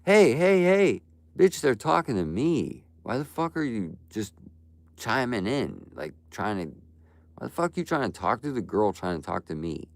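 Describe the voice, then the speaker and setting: A man putting on a shrill, jealous chat viewer. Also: very animated, no room sound. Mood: mocking. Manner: squealing mock outrage, fast and shrill.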